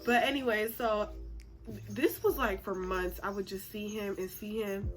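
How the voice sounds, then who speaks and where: A woman's voice: medium pitch, fairly even intonation, measured pace. A woman in her twenties telling a personal story to camera in a chatty way, with lots of "like" fillers and laughs at herself. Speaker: storytime vlogger. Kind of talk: casual storytelling. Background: background music.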